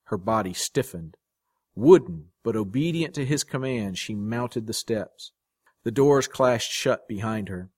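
A man reading a short story aloud as its narrator, in a measured, dramatic way. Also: lowish voice, expressive, darkish tone, husky, no echo, clean studio sound. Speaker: story reader. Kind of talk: scripted narration.

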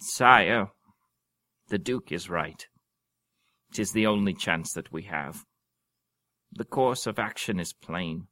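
A man's voice: low-pitched, takes it slowly, pauses often, sharp tone, dry recording, exaggerated voice. A man voicing a dignified old white-haired duke in a read-aloud story, formal and courtly. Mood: resolute.

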